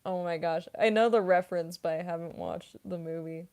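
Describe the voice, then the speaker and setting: A woman's voice: on the low side, brisk, a little mellow. A voice actress chatting casually on a livestream, answering viewer comments. She fills her talk with "like" and "um", and she is a classically trained singer. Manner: chatty, many fillers like "like" and "um". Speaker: voice actress and streamer.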